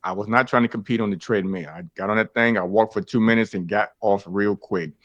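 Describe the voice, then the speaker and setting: A man talks a little fast as a guest telling his faith story, calling the listeners fellas and folks. He performs the conversations with big pitch jumps in an animated way. The recording is muffled, with no room sound.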